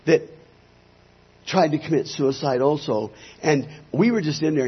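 Husky earnest man telling a testimony. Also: a little high, animated, a little slow. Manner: earnest storyteller who acts out quoted voices. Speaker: pastor. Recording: slightly dull lo-fi sound.

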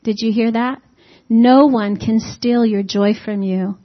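A woman with a fairly high voice delivers a relaxed, homey sermon, tossing questions out to the congregation and slipping in little jokes. The recording is dull and lo-fi, with the top end muffled. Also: takes it slowly. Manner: conversational, asks the congregation rhetorical questions; folksy humorous asides. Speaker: preacher.

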